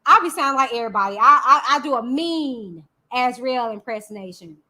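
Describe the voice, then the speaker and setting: A woman's voice: a little high, lively intonation, fairly quick, pushed and bright. A woman hosting a casual live-stream commentary, sassy and chatty, talking back to her chat. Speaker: YouTube host.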